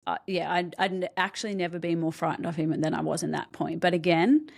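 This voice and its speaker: A young adult woman speaking as a podcast guest, telling her own story in a lowish voice. She talks candidly and haltingly, stopping to restart her sentences and filling pauses with ums. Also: fairly even intonation, gravelly. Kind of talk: personal story told in an interview.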